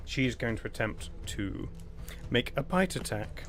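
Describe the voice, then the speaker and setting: A man's voice: mid-range voice, big pitch swings, slow. A man running a tabletop game as game master, describing events and calling out damage.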